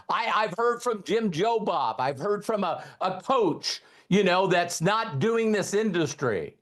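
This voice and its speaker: Lively high-voiced man giving motivational training. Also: unhurried, hardly any pauses. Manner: energetic, repeats key lines, quizzes the audience. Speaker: network marketing trainer.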